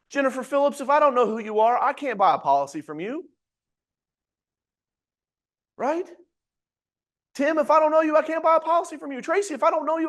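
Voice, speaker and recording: A man's voice: very high voice, fairly bright tone. A man teaching a live webinar as a sales coach, talking energetically and emphatically in slangy, direct address to his audience.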